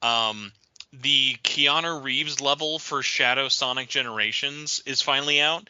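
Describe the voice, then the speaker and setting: A man hosting a gaming podcast in casual chat, animated and quick to laugh. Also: mid-range voice, clean tone, dry recording. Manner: animated, laughing, imitates others. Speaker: podcast host. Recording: dull lo-fi audio.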